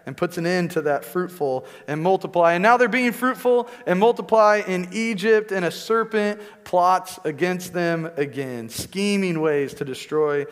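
A man's voice: high voice, unhurried, hardly any pauses, clear, resonant tone. A male preacher giving a conversational teaching sermon, often checking in with "right?" asides. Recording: long reverb in a large hall.

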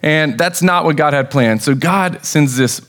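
A man's voice: fairly high pitch, measured pace, fairly bright tone. Young American man preaching casually. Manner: informal, storytelling with acted quotes and fillers. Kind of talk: casual sermon. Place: church sanctuary.

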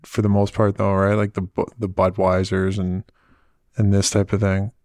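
A North American man hosting an interview, asking curious questions in a halting, casual way. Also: low-pitched, monotone, a little mellow, no room sound, studio quality. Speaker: interview host.

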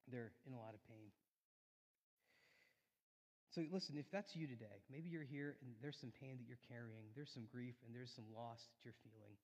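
A man preaching a sermon in a church, telling a personal story earnestly, rising loud and then dropping soft. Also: medium pitch. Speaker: pastor. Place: church sanctuary. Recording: long hall reverb.

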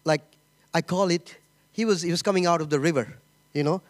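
A middle-aged man giving an informal sermon, halting and repeating himself, often saying "you know" and "okay?". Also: on the high side, no echo. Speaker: pastor.

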